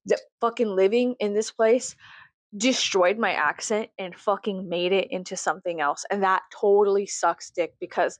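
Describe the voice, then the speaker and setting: A woman with a Southern US accent chats loosely to her viewers, swearing freely and laughing at herself. Her voice sits in an ordinary middle pitch. The sound is dry and close, with no room echo. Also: fairly even intonation, measured pace. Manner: profane, self-mocking, laughs often. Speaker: YouTuber. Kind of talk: casual rambling monologue.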